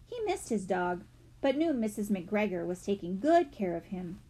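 A woman narrating a children's mystery audiobook with expressive storytelling. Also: mid-range voice, normal speed.

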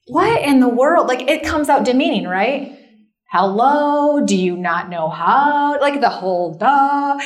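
A middle-aged woman giving a conversational sermon at a camp meeting, chatty and self-deprecating, full of asides and "right?". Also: sits high.

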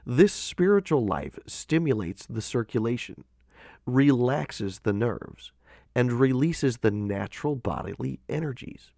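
A man narrating a devotional audiobook in a measured, expressive way with earnest emphasis. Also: medium pitch, vocal fry, no room sound, clean studio sound.

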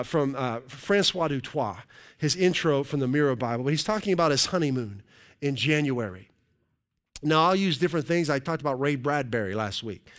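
A male pastor delivering a sermon. He builds a story with lively emphasis, then slows into a soft, near-whispered prayer. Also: a little high. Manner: animated storytelling, dropping to a soft, hushed prayer.

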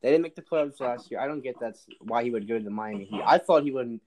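A man's voice: medium pitch, quick pace, a little mellow. Opinionated man giving sports takes. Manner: opinionated, repeats his points. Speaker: guest. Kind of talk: casual sports talk.

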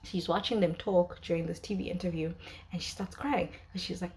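Young adult woman, casual reviewer, low-ish voice, emotional and rambling. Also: steady tone, moderate pace, darkish tone, slight background noise. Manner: emotional, talkative, many fillers and restarts. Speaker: drama reviewer. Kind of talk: casual commentary.

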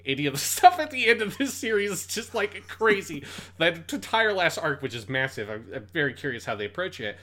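A man's voice: a little high, very animated, brisk, few pauses, a bit bright. A man co-hosting a casual podcast about anime, talking enthusiastically with frequent swearing and restarts. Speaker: podcast co-host.

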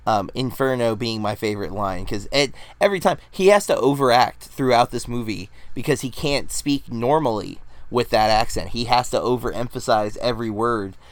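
A man's voice: mid-range voice, moderate pace, few pauses, no room sound. A man hosting a casual movie podcast, rambling with frequent ums and restarts. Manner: rambling, restarts often, says um a lot. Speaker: podcast host.

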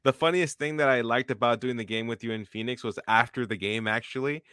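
A young man in his twenties hosts a podcast with a lowish yet bright, clear voice. He talks with enthusiasm and scatters fillers through his speech. The sound is dry and close. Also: brisk, no echo. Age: 20s. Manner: enthusiastic, fillers like and you know. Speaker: podcast host, stadium announcer. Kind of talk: casual podcast conversation.

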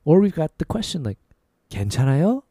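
A man hosting a language-lesson podcast, easygoing and clear, repeating short phrases slowly for learners. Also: fairly high pitch, very animated, mellow, no room sound, studio quality. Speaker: Korean language podcast host.

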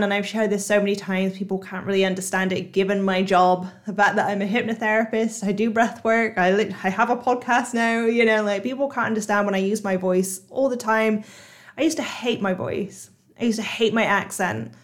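A woman's voice: mid-range voice, steady tone, normal speed. Chatty woman with a Bristol accent. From Bristol, England. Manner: chatty, frequent "you know" and "like" fillers. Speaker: podcast host and hypnotherapist coach. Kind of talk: solo podcast monologue.

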